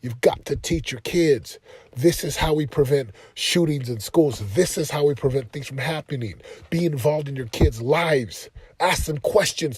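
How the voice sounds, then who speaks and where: A man's voice: on the high side, moderate pace, darkish tone, slightly rough, no room sound. A man giving a motivational monologue as a podcast host, speaking emphatically and repeating his points like a preacher. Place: outside his home, heading in.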